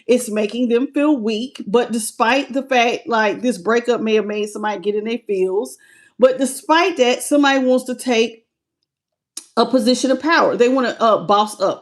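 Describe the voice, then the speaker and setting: A woman's voice: a little high, moderate pace. A woman, chatting casually while doing a live-stream tarot reading and greeting viewers by name. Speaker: tarot reader.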